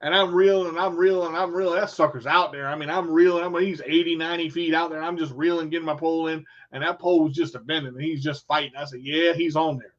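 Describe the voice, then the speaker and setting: A man telling a casual, animated story in folksy phrasing, acting out what people said. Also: on the high side, fast, few pauses. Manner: animated storyteller, acts out quotes. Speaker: vlogger. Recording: dull lo-fi sound.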